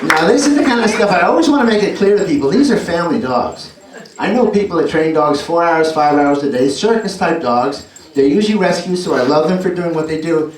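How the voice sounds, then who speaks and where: New York man running a lively dog show. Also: fairly high pitch, a little fast. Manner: chatty, cueing dogs and explaining tricks to the audience. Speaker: dog trick performer. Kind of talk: live stage show with commentary. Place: indoor venue with an audience. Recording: roomy live hall audio from far off with loud noise.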